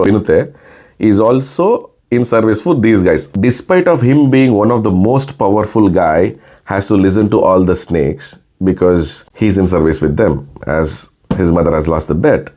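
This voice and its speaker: Host, male; deep, dark-toned, casual mythology storyteller with lots of fillers. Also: lively intonation, normal speed. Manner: rambling, many fillers, acts out quoted dialogue. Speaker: podcast host telling myths.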